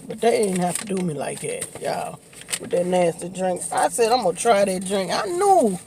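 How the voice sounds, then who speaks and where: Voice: mid-range voice, big pitch swings, normal speed, noisy background. A vlogger, chatting casually while eating on camera, laughing often and talking in loose, informal slang. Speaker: mukbang vlogger.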